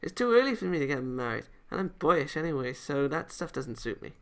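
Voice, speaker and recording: A man's voice: on the high side, big pitch swings, fairly quick, vocal fry. A man voicing a blunt, boyish young female karate fighter who scolds and gets flustered. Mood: flustered, scolding. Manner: scolding, flustered, calls people idiot.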